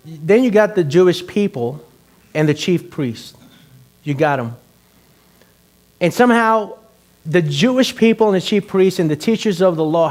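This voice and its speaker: A male pastor with a fairly high voice delivers a conversational sermon packed with rhetorical questions, growing loud and animated as it goes.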